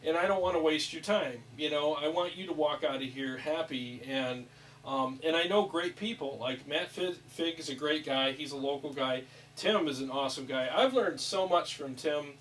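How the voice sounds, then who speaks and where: A man hosting a casual chat about guitar amp settings in a small studio room, upbeat and quick to laugh. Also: fairly high pitch, a bit bright, far from the mic, slight background noise, rough recording. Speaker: host.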